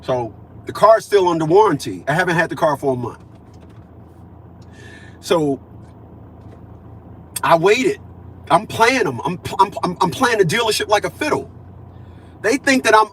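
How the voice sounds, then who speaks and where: A man in his fifties delivering a profane, preachy ranting monologue, repeating himself and swinging between loud declarations and low mutters. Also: expressive, measured pace, long pauses, husky. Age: 50s. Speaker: vlogger.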